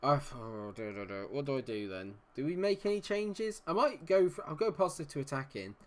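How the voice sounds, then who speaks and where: A young gaming streamer from Dorset, England, with a Dorset English accent, commentates a live football game stream. His voice is slightly high, animated and a bit quick, and he's chatty and self-deprecating, humming and muttering to himself between plays.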